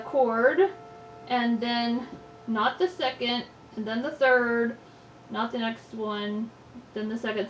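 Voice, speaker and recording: A woman's voice: on the high side, distant mic, a little hiss or hum. A woman giving a patient, step-by-step piano lesson, naming each finger and note in turn. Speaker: piano teacher. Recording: echoey room, mic set back, loud piano. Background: piano playing.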